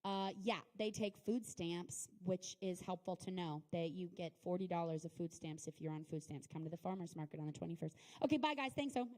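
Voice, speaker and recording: A woman at a bar open mic quickly plugging a farmers market before signing off. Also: lowish voice, a little mellow, in a large hall.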